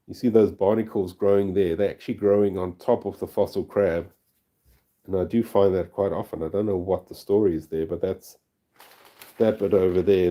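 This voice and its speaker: A man's voice: low voice, dark tone. A man from South Africa with a South African accent, chatting casually on a livestream as he packs fossils, easily delighted and laughing often. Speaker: fossil collector and channel host. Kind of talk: casual livestream chat while packing.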